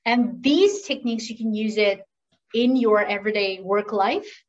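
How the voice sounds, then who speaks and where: A woman running an interactive workshop on professional communication, lively and asking the audience questions. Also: mid-range voice, unhurried, recorded from a distance, dull audio. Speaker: communication skills trainer. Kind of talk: interactive online workshop talk.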